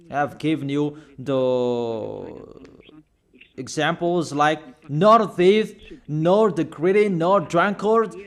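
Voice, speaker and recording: A man preaching a sermon, insistent, repeating phrases and asking rhetorical questions. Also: high-pitched.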